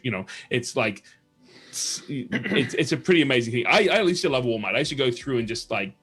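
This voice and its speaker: Hosting a casual livestream chat, this man spins long, rambling stories and acts out the people he quotes. His voice is medium in pitch, animated and fairly quick, a bit bright with a breathy edge, over soft background music.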